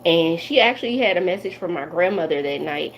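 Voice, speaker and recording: A woman's voice: lowish voice, animated, a little fast, a little hiss or hum, poor audio. A woman in her forties from the Midwestern United States, a tarot reader chatting loosely and directly to viewers on a live stream. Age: 40s. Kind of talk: casual live-stream chat.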